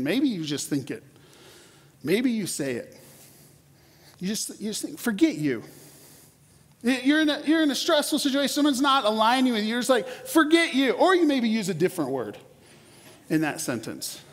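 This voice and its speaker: A fairly high-voiced man in his forties delivers a sermon as a pastor, chatty and animated, stumbling over repeated words as he builds each point. His voice rings with a long reverb, as in a large church hall. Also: normal speed, pauses often. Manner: conversational, animated, repeats words when starting sentences.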